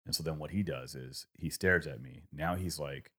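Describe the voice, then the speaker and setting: Man, 30s, extremely low voice, reflective storyteller with lots of ums. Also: moderate pace, sharp tone, husky. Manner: reflective, rambling storytelling with many fillers. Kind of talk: casual conversation.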